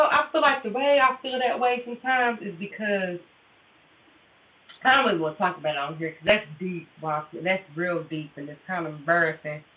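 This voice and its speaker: A woman's voice: low voice, echoey room. Candid woman chatting to viewers, tinny distant audio. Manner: candid, profane, confessional, addresses viewers directly. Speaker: tarot reader livestreaming. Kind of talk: casual livestream chat with viewers.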